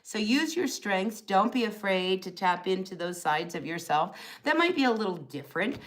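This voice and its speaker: A woman's voice: mid-range voice, animated, moderate pace, fairly bright tone, rough recording. A middle-aged woman hosting a live tarot stream, chatting casually and reassuringly with plenty of fillers.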